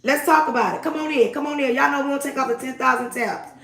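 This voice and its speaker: A woman's voice: high-pitched, quick pace, a bit bright, echoey room. A woman from the United States, hosting a casual livestream with emphatic, repetitive greetings. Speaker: livestream host.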